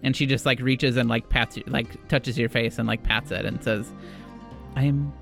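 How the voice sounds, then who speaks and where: A man's voice: medium pitch, steady tone, moderate pace, vocal fry, a bit bright, faint music behind. A man narrating a tabletop game as game master, in a loose style full of fillers. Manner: casual, filler-heavy narration.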